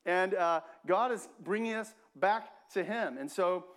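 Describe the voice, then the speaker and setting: High-voiced pastor preaching a conversational sermon. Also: male voice, a little slow, a bit bright. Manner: conversational, repeats himself, frequent "right?" asides. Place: church.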